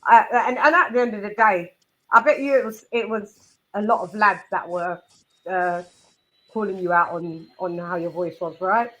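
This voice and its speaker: A woman's voice: medium pitch, moderate pace, a bit bright, rough recording. A woman hosting a casual boxing chat livestream, bantering and laughing as she talks. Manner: chatty, laughing, swearing banter. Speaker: host.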